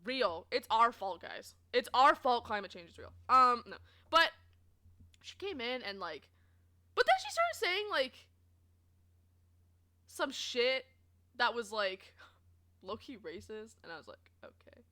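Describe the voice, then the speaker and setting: Animated young woman streamer chatting. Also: a little high, measured pace, pauses often. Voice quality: expressive, swears, laughs often. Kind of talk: casual storytelling to chat.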